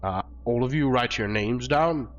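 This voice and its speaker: A hoarse man voicing a languid female vampire official who lays out rules in a businesslike way in a tabletop game. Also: medium pitch, lively intonation, a little slow, voice pushed up, natural voice. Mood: instructing. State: hoarse from flu. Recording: dull lo-fi recording, faint music.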